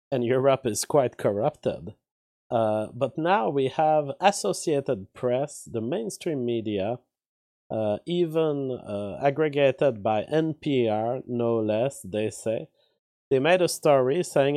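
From his home studio, a YouTube commentator offers casual political commentary, rambling with lots of fillers and restarts and reading chat comments aloud. He speaks into a studio mic with outboard gear, and there's no room sound. His voice is medium-pitched, slow, and darkish.

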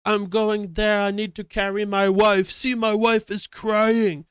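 A man's voice: high voice, flat delivery, unhurried, fairly bright tone, clear, resonant tone, no echo, studio quality, pitched above the performer's own voice. A man voicing a pushy male roadside hustler begging for cash, wheedling and repeating "bro" constantly. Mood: pleading.

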